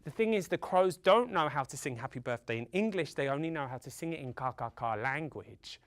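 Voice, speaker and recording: A man telling a folktale to children in a theatrical way, with dramatic pauses and sound effects. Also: on the high side, lively intonation, no room sound, studio quality. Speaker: storyteller.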